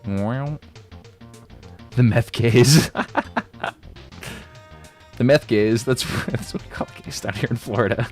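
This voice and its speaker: A man's voice: medium pitch, slow, long pauses, darkish tone, faint music behind. A man streaming a game and chatting casually, laid-back and slangy, joking at his own expense and laughing often.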